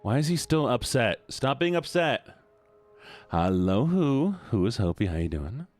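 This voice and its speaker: A male streamer giving excitable, casual commentary on a game, swearing and laughing as he goes. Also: medium pitch, measured pace, faint music behind.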